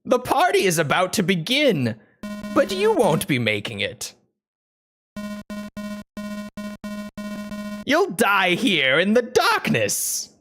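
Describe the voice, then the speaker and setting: Man hamming up a slow gloating villain. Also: high voice, wildly swooping pitch, music in the background, voice pushed up, exaggerated voice. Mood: boastful. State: strained throat. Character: boastful theatrical male villain, night fighter.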